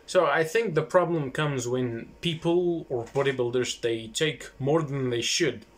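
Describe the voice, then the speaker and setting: A man's voice: mid-range voice, a little slow. A man with an ordinary mid-range voice casually walks through a bit of history as a host. He rambles, corrects himself often and drops offhand asides along the way.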